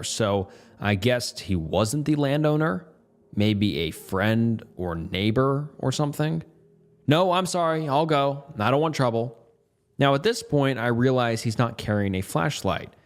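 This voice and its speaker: A man narrating a first-person story in a tense, matter-of-fact way. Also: lowish voice.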